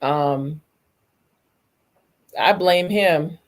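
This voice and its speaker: A woman's voice: deep voice, very slow. A woman on a live panel, giving blunt, opinionated takes. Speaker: panel guest. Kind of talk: casual opinion chat.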